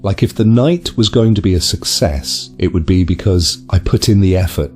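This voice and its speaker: A man's voice: deep voice, moderate pace, darkish tone, faint music behind, natural voice. A man voicing a lonely male trash goblin creature, telling his story in a bitter, confessional way. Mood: rueful. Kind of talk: dramatized video narration.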